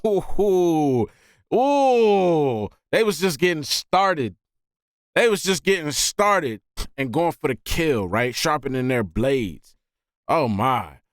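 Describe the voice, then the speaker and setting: A man hosting a music reaction video, talking casually and excitedly and often saying "man". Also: medium pitch, slow pace, dry recording, studio quality. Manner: animated, often says "man".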